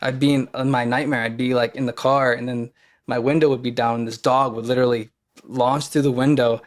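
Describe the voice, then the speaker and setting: A man's voice: medium pitch, flat delivery, a little fast. A man, a podcast guest, telling a personal story in a casual, earnest and openly emotional way.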